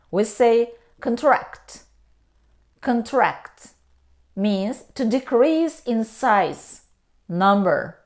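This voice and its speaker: A woman teaching English pronunciation in a careful, deliberate way, repeating each word and explaining its meaning. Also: medium pitch, darkish tone. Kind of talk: slow pronunciation lesson.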